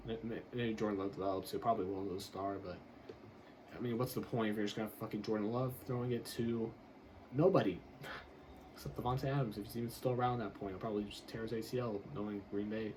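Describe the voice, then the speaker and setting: A man's voice: lowish voice, fairly even intonation, quick pace, a little mellow, a little hiss or hum, poor audio. A man grading football draft picks in a casual commentary, blunt and exasperated, swearing and laughing as he rants.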